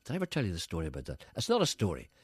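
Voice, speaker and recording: A fast-talking man hosts a radio show and swings his pitch wildly while he spins stories. The voice is slightly husky and recorded close and dry at a studio microphone. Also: no room sound. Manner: animated storyteller, acting out voices. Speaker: radio host. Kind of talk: casual studio chat and anecdote.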